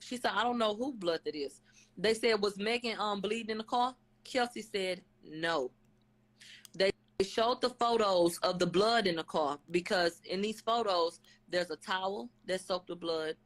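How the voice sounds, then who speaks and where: A woman's voice: on the low side, a bit bright, low-quality recording. A woman on a live stream casually retelling a court hearing, relaying each question and answer with "they said, she said", frequent fillers and blunt asides. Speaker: channel host recapping a court hearing. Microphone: webcam or phone on a live stream.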